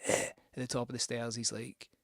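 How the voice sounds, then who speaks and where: A man's voice: medium pitch, monotone, a little fast, vocal fry, fairly bright tone, no echo, studio quality. Rambling man telling a story. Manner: rambling, swearing, self-mocking storyteller. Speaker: radio host spinning records. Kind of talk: casual anecdote between records.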